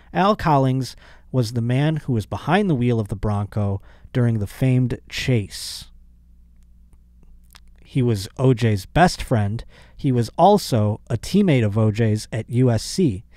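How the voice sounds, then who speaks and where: A male podcast host talking in a loose, joking monologue. He rambles, restarts and drops sarcastic asides. His voice sits at an ordinary pitch, recorded dry and close. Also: a little mellow, no echo. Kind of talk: casual comedic monologue.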